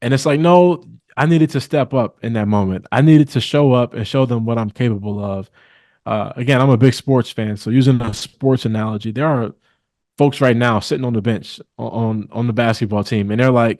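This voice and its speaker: Earnest young male guest, measured delivery with restarts, dry close sound. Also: medium pitch, a little mellow, no echo. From Milwaukee, Wisconsin. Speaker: guest, real estate attorney. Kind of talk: interview conversation.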